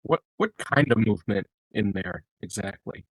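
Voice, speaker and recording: A man with a low, husky voice chats casually as a player in a tabletop game, repeating words as he asks questions. He sounds a little far from the mic, in a dry setting. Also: lively intonation, normal speed, fairly bright tone, no room sound.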